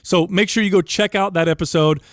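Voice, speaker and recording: A man's voice: sits high, steady tone, brisk, no echo, studio quality. A man hosting a podcast, introducing his guest and chatting in an easygoing, affirming way. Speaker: podcast host.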